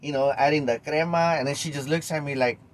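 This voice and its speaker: Animated higher-voiced Los man. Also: fast. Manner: animated, talks to listeners directly, casual swearing. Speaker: podcast host. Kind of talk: casual storytelling monologue.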